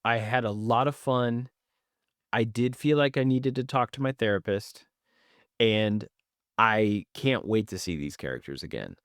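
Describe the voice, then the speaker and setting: A man co-hosts a casual review podcast, giving candid, jokey opinions in an easygoing way. His voice sits somewhat low. The sound is dry and close to the mic. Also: animated, a little slow, a bit bright, clean tone, no room sound. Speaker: podcast co-host.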